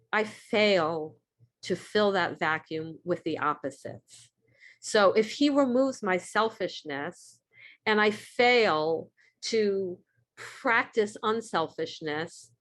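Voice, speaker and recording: Earnest woman sharing at a recovery meeting. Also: mid-range voice. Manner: earnest and candid, reading quotes aloud then reflecting. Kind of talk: personal talk on recovery steps.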